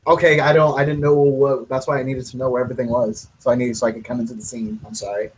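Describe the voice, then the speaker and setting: A man's voice: medium pitch, level tone, fast talker, a little hiss or hum, low-quality recording. An easygoing man playing a tabletop game, checking details and apologizing. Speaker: player.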